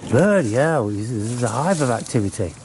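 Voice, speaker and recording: A man talks casually to his camera outdoors, rambling and coaxing the birds around him in a singsong way. Faint birdsong and rural ambience sit behind his everyday mid-pitched voice. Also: lively intonation, moderate pace, noisy background. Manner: chatty, coaxing animals in a singsong voice. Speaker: vlogger. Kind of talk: casual outdoor vlog talking to birds and squirrels. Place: outdoors in a garden or woodland.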